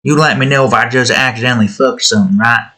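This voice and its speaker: Man, American, bright forceful voice, rambling game-building commentary, jokey, cussing, talks to on-screen objects. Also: mid-range voice, fast talker. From United States. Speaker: hobby game developer.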